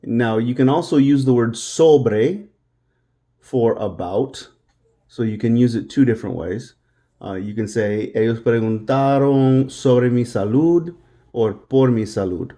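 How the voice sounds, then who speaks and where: A man teaching Spanish in an unhurried, easygoing way. His voice is soft and dark, and he repeats each word several times so learners can drill it. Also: mid-range voice. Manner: patient, repeats words slowly for drilling. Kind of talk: language lesson.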